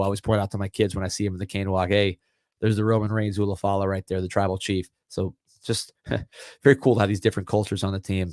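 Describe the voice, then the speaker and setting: Fast-talking man on a sports podcast. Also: lowish voice, no room sound, clean studio sound. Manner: relaxed, chatty, repeats words while thinking. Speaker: podcast host. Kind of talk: casual live-stream sports chat.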